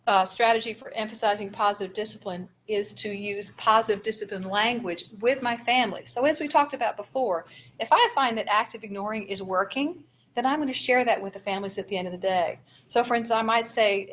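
A woman's voice: mid-range voice, fairly quick, a little hiss or hum. A woman presenting a training seminar for early childhood educators, explaining strategies with step-by-step examples in an encouraging manner.

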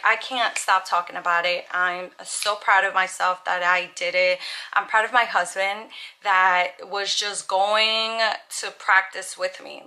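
Young woman, casual vlog talk, earnest, says "like" a lot, middle pitch, clear bright tone. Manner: chatty, earnest, lots of "like". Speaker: vlogger.

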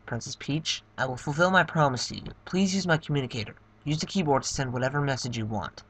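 A man voicing a calm, literal-minded male computer in game dialogue, slow, flat and formal. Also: mid-range voice, lightly acted. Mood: earnest.

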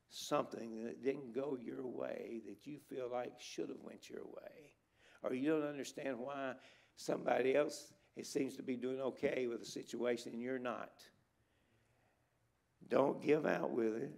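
A man's voice: medium pitch, measured pace, gravelly, a little mellow. A middle-aged man preaching an emphatic revival sermon in a church. He exhorts the congregation and drives his points home by repeating words. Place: church sanctuary at a conference.

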